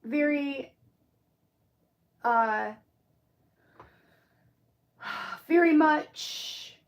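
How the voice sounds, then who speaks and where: A woman's voice: sits high, extremely slow, reverberant. A middle-aged woman from Michigan with a Michigan accent, chatting casually with viewers on a craft livestream. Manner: chatty, answers viewer comments, muses aloud. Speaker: livestream crafter reading chat. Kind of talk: casual live-stream chat.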